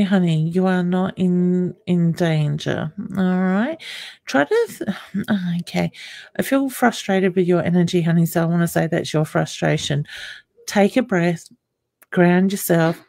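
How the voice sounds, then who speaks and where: This is a middle-aged psychic medium hosting a live stream. She reassures each viewer, calls them honey and drifts into stock filler phrases. Her voice sits low with a gravelly edge and sounds close and dry, with no room around it. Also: dark tone, no room sound. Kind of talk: live-stream audience readings.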